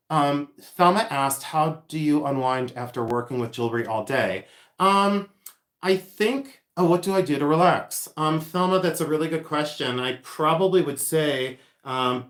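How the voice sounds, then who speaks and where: A man's voice: medium pitch, fairly bright tone. Giggly man chatting on a livestream, echoey room. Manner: giggly, rambling, lots of ums and laughs. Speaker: livestream host selling vintage jewelry. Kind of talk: casual livestream chat reading viewer comments.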